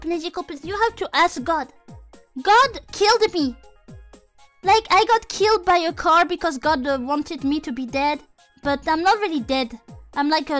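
A woman streamer chatting casually and playfully with her viewers, swearing often and reading chat aloud. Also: very high voice. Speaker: VTuber streamer.

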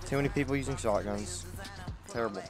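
A man with a medium-pitched voice talks fast while casually commenting on his own gameplay, exasperated and trash-talking. Loud game music and gunfire play behind him.

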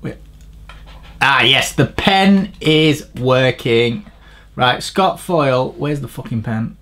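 A man reviewing a bike frame in a crude, rambling, sardonic way, swearing freely and shifting between mumbled asides and louder rants. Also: takes it slowly. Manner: swearing, rambling, sardonic, pitch jumps up when ranting. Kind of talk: crude comedic tech review.

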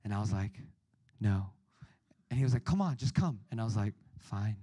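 A man giving a storytelling sermon at a youth retreat, animated and acting out his younger self, often asking "right?". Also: lowish voice, very fast, breathy edge, dry recording.

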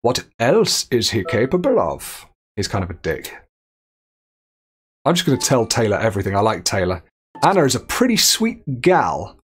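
A man's voice: medium pitch, wildly swooping pitch, normal speed, breathy edge. Chatty man streaming a game. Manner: chatty, reads chat aloud and laughs often. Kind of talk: live game stream commentary.

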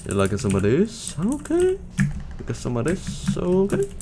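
A young man giving casual, joking commentary over a video game, trash-talking and breaking into loud shouts. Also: medium pitch, big pitch swings, normal speed, background noise. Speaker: gaming commentator.

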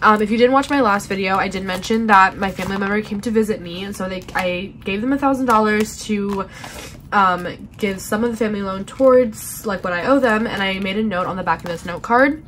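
A young woman with a stuffy, congested voice hosts a casual cash-stuffing vlog. She sits at a middle pitch and talks in a chatty way, counting bills aloud between fillers. A faint hum of room ambience sits behind her. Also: a little fast, a bit bright. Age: young adult. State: congested from pollen. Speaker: budgeting channel host.

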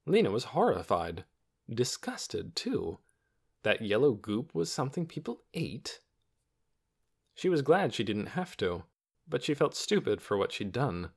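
A man's voice: mid-range voice, sing-song, unhurried, vocal fry, husky. A man narrating a children's novel as an audiobook, telling the story expressively.

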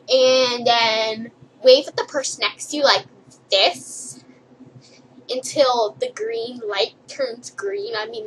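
Bright high-voiced young woman, rambling. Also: slight background noise, rough recording. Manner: rambling, playful, giggly. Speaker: vlogger. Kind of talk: silly comedic list vlog.

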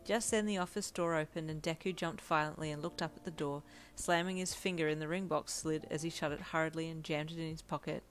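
A woman narrating a second-person fan audio story in a steady, intimate reading style. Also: low-pitched, a little fast, hardly any pauses. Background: soft lo-fi piano backing music.

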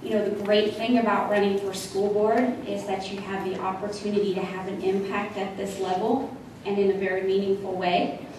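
A woman, a retiring school board trustee, reading her measured farewell speech from notes. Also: mid-range voice, level tone. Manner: measured, reading prepared remarks. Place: school board meeting room. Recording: echoey hall, mic from far off, noisy.

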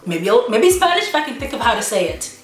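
A woman's voice: on the high side, very animated, fast. A woman vlogger from the United States, talking casually in a playful, self-mocking way and laughing often as she practices phrases aloud. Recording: roomy room with background music.

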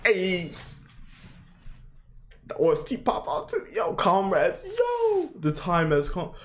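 A young man reacting to an anime episode in casual commentary, swearing a lot, shouting "yo" and "bro" and bursting into high laughing yelps. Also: slow pace. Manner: excitable, swearing, frequent "yo" and "bro" exclamations.

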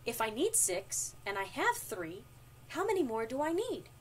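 Woman voicing a small weepy worm boy for a storybook; high, lively swings, cheers loudly when happy; distant mic. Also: moderate pace. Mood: counting. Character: small young male worm, tearful then excitable. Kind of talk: children's storybook reading. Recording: distant mic, faint background noise.

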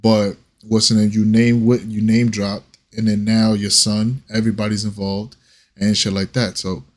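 A man's voice: on the low side, flat delivery, moderate pace. A man hosting a reaction video, talking in a casual, rambling way with lots of slang, swearing and stammered restarts.

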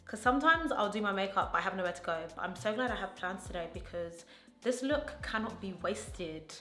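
A woman's voice: medium pitch, lively intonation, brisk, sharp tone. A woman beauty vlogger chatting casually while doing her makeup, gushing with enthusiasm and slang. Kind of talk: casual get-ready-with-me chat. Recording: roomy echo with faint music.

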